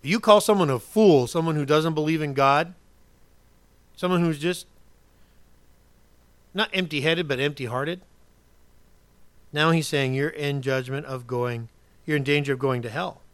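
A man preaching a sermon in a conversational way, asking his congregation questions and swinging from loud emphasis to quiet asides. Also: fairly high pitch, measured pace, long pauses, no room sound. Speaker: pastor.

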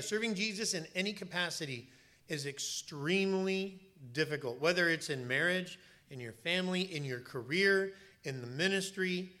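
A man's voice: on the high side, bright, forceful tone. A male pastor preaching a sermon in a church, telling stories and stressing points by repeating words.

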